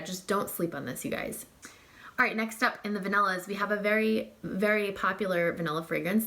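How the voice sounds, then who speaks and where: A woman's voice: lowish voice, fairly bright tone. A young woman reviewing perfumes in a casual, gushing, filler-heavy chat. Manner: gushing and chatty, many fillers and likes. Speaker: fragrance reviewer.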